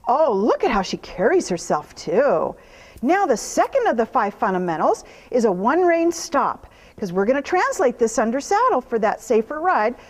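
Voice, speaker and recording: A woman horse trainer talks viewers through a hands-on demonstration. Her husky, breathy voice sits high and swings widely in pitch, shifting from firm commands to soft, nearly whispered praise for the horse. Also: moderate pace. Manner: alternates firm commands with calm explanation to viewers; drops into hushed near-whispers when soothing.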